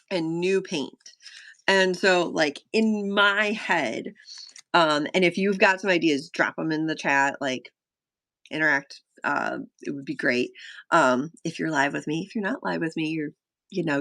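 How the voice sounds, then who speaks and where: A woman's voice: lowish voice, fairly bright tone, dry recording. A chatty woman in her thirties thinks aloud as she tests her own solo game live. She rambles with lots of fillers and gasps when an idea hits. Her voice sits close and dry, with no room around it. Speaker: solo game designer streaming a playtest.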